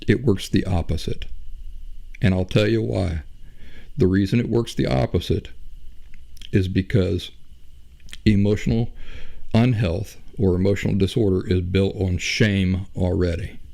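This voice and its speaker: A middle-aged man hosting a podcast, talking through ideas in a slow, conversational monologue full of rhetorical questions. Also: low-pitched, fairly even intonation, gravelly, dark tone. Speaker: podcast host. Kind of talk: reflective monologue.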